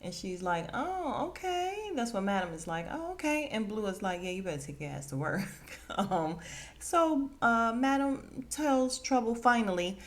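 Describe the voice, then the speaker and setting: A woman hosting a podcast, casually recapping a TV episode and acting out the characters' lines with lively, expressive delivery. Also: mid-range voice, moderate pace. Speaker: podcast host.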